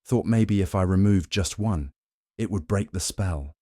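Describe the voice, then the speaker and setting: A man's voice: low voice, measured pace, mellow, dry recording. A man voices a stern older housekeeper woman in an audiobook mystery. She speaks tersely and stiffly. The sound is close and dry.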